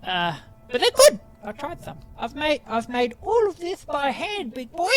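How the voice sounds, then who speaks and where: A man voicing a small excitable male goblin cook, high and strained. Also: unhurried, faint music behind, exaggerated voice. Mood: gushing.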